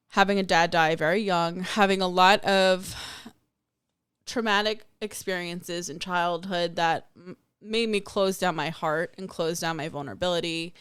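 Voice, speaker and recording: Smooth, dry-sounding woman sharing spiritual reflections. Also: on the low side, a bit bright, no room sound. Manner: candid, storytelling with acted-out quotes. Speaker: spiritual podcast host. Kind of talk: personal reflective monologue.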